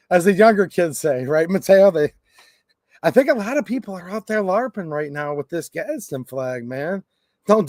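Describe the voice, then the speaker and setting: A man's voice: sits high, darkish tone, dry recording, studio quality. A man hosting a livestream, chatting casually in a rambling, joking way and reading out comments from the chat. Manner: rambling, jokey, reads chat aloud. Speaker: gun rights channel host.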